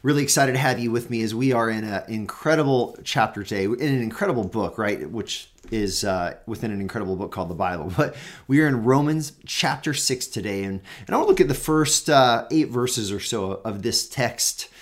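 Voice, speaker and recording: A man's voice: mid-range voice, expressive, brisk. A man hosting a Bible teaching show, talking casually and earnestly, with frequent fillers and restarts, growing emphatic on key points.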